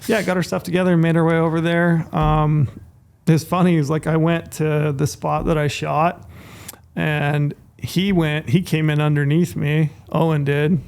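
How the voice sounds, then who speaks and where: A man's voice: on the high side, little pitch movement, normal speed, creaky, a little mellow, smooth. A man co-hosting a podcast, telling a long story casually, with restarts and quoted dialogue, on a studio mic. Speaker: podcast co-host.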